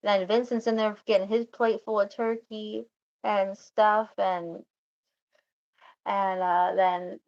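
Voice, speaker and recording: A woman's voice: medium pitch, flat delivery, darkish tone. Rambling woman telling a story, lo-fi. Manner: rambling, restarts, quotes others in quick asides. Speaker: vlogger. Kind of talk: casual storytelling monologue.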